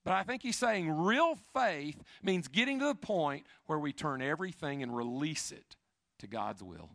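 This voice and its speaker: A middle-aged man preaching a sermon, swinging from emphatic rises to quiet, intimate asides. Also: fairly high pitch, moderate pace, gravelly, no room sound, clean studio sound. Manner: expressive preaching, rising and dropping to soft, intimate asides. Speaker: pastor.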